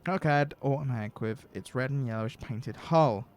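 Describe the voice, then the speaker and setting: A man's voice: medium pitch, normal speed, a little mellow. Man hosting a stream, reads game text aloud with casual asides. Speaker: streamer host.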